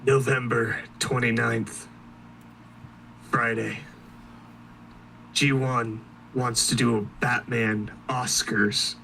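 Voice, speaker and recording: A man co-hosting a podcast, talking slowly and easily with a gravelly edge. His tone is bright and a little dry. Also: mid-range voice, flat delivery, far from the mic, a little hiss or hum, poor audio. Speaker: podcast co-host. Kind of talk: casual podcast chat.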